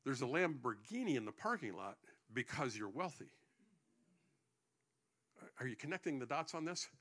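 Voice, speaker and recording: A man's voice: mid-range voice, very animated, normal speed, a bit bright. A male pastor preaching a sermon to his congregation, joking between points and often restarting his sentences.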